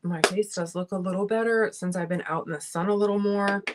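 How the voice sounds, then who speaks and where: A woman's voice: mid-range voice, fairly even intonation, fairly quick, very noisy. A young woman hosting a casual makeup livestream, talking bluntly and heatedly with plenty of swearing. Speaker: beauty vlogger hosting a livestream. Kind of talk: casual livestream chat while doing makeup.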